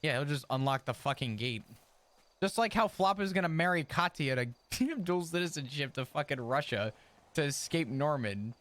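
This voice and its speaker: A man's voice: a little high, animated, moderate pace, fairly bright tone. Profane, ranting man in roleplay. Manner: profane, ranting, laughs often. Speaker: streamer role-playing his character. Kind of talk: in-character roleplay chat.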